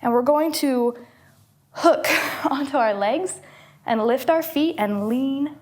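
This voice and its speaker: A young woman, a health coach, guiding listeners through a calming movement exercise, encouraging, laughing often and exhaling between cues. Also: high-pitched, slow pace, a little hiss or hum. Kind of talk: guided movement instruction.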